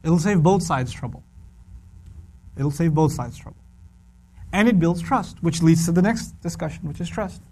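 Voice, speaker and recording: A middle-aged man teaching a religious lesson in an animated, conversational way. His voice sits fairly high, and he repeats key phrases for emphasis. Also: moderate pace, pauses often, slight background noise. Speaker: Quran teacher. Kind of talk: humorous religious lecture.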